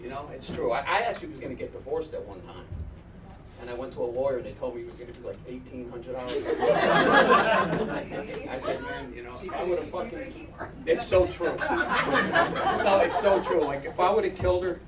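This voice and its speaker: A man's voice: medium pitch, expressive, moderate pace, noisy background. A middle-aged man doing a crude, profane stand-up routine, rambling and asking the crowd if they know what he means. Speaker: stand-up comedian. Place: live comedy venue with audience. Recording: echoey room, distant mic, loud crowd laughter.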